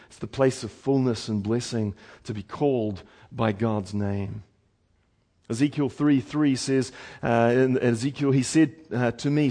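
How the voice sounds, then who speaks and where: A man preaching a sermon in a folksy way, repeating words and swinging from loud emphasis to hushed lines. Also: medium pitch, measured pace. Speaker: pastor.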